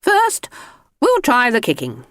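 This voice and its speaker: An upbeat swimming instructor calls out encouraging instructions with a bouncy, animated pitch, as a woman narrator puts it on. The storybook sound is dry and close. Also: slow pace, no room sound, exaggerated voice.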